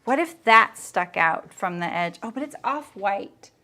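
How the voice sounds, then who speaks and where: A woman's voice: medium pitch, animated, measured pace, pushed and bright. A woman in a medium voice hosts a sewing livestream, chatting casually as she works. She thinks aloud and laughs easily, talking to her viewers between tasks. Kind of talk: casual chat while sewing.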